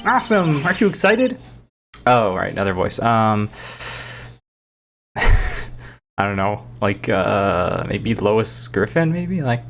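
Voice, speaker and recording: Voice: low-pitched, takes it slowly, creaky, pauses often. A let's-play host chatting casually while playing, rambling and self-deprecating, on a home mic. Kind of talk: casual gameplay commentary.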